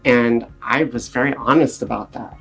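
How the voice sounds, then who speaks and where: A man speaking as a guest on a recovery podcast, sharing his experience in an earnest, animated storytelling manner. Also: medium pitch, moderate pace, gravelly, husky, faint music behind. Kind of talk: casual podcast interview.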